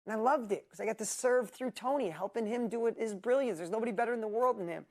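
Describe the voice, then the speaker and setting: A man's voice: high voice, fast, a little mellow. A man coaching a live group, answering questions in a blunt, emphatic, motivational way. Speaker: business coach and host.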